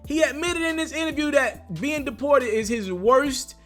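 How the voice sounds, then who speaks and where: A man giving casual hip-hop commentary on his own channel, speaking in an animated, slangy, emphatic way. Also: extremely high pitch, normal speed, faint music behind.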